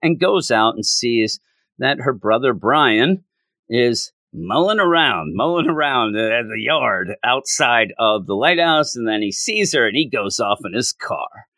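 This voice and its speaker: A man giving a casual spoken comic book review, exasperated and often mocking the characters, his pitch jumping high when frustrated. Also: animated, measured pace, bright, forceful tone, no room sound.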